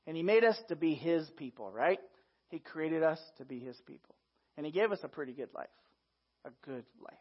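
Lively, conversational man preaching. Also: on the high side, normal speed, breathy edge. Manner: lively, conversational, talks straight to listeners as "guys". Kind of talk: sermon. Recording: dull lo-fi recording.

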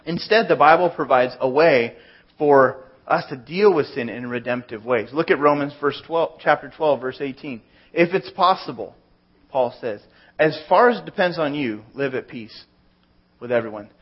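A man's voice: on the high side, breathy edge, muffled recording. A man preaching a conversational sermon, working through plain everyday examples. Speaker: pastor.

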